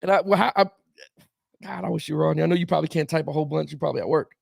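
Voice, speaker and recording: A man hosting a laid-back sports talk stream, riffing on viewer comments and chuckling as he goes. His voice sits high with a gravelly rasp, recorded dry and close. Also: very fast, no room sound. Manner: rambling, reacting to viewer comments with chuckles, lots of "man" and "bro". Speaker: sports talk show host. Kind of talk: casual sports talk livestream.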